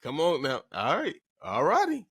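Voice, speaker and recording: A man's voice: a little high, huge pitch swings, moderate pace, fairly bright tone, slightly rough, dry recording. A man hosting a sports podcast in casual talk, emphatic and repeating phrases for effect while addressing listeners directly.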